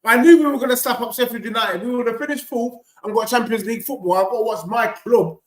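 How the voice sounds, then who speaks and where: Brief: high-pitched lad, live watchalong host, rowdy banter, roomy echo. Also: male voice, fast. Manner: animated banter, shouting at goals, teasing chat. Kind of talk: live football watchalong reacting to chat.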